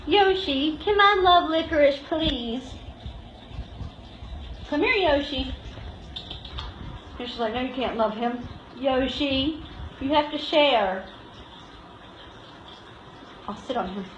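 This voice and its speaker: A woman's voice: high-pitched, slow pace, long pauses, a bit bright, echoey room, highs cut off, a little hiss or hum. A woman giving a casual live tour of a cat shelter room, talking to the cats in a cooing, laughing way, filmed on a handheld phone. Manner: cooing baby-talk to cats, frequent laughs.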